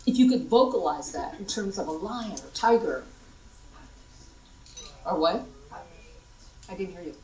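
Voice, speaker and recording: A middle-aged American woman giving a lively conference workshop and demonstrating vocal tones to the audience. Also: on the low side, a little slow, long pauses. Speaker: workshop presenter. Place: large conference hall. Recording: echoey hall, voice from far off.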